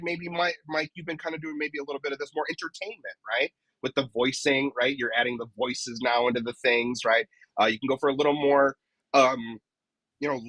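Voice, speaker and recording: A dent repair technician appears as a guest on a casual podcast, explaining his advice step by step and tagging many points with "right?" His voice is mid-range and a bit bright, and the audio is poor but free of echo.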